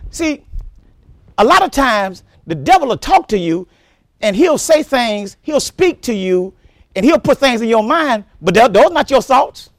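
Male pastor, high voice, lively swoops, emphatic repeated phrasing, dry sound. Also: measured pace, no room sound. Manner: emphatic preaching, repeats words, breaks into shouts. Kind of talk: sermon.

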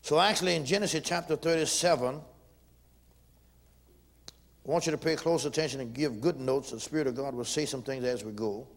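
A man preaching a sermon as pastor, leading call-and-response and swelling loud when he reads scripture. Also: mid-range voice, quick pace.

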